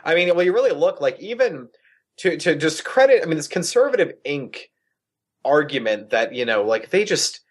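A man's voice: on the high side, sing-song, normal speed. A man, a guest on a talk show, telling a story and often repeating words as he gets going. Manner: repeats words when starting sentences. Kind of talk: animated storytelling.

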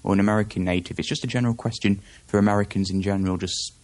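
Racing along in a lowish, slightly mellow voice with a steady tone, a man is the guest in a conversational interview. He talks long-windedly, frequently interrupting himself to correct what he just said.

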